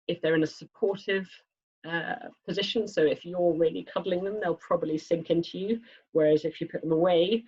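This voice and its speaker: A woman's voice: fairly low pitch, muffled recording. A woman physiotherapist giving a spoken presentation to parents, explaining step by step with frequent fillers. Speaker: children's physiotherapist. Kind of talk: presentation lesson.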